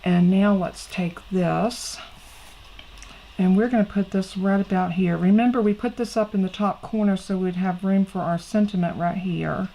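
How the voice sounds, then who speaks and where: A woman's voice: medium pitch, fairly even intonation, normal speed, mellow, slight background noise, poor audio. A middle-aged woman, hosting a casual craft tutorial in a chatty, folksy way and talking straight to her viewers. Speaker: crafting channel host.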